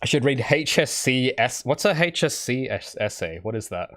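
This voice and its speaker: This young indie game developer from Australia rambles casually on his livestream and answers chat, sounding animated at a normal speed. His mid-range voice is a bit bright.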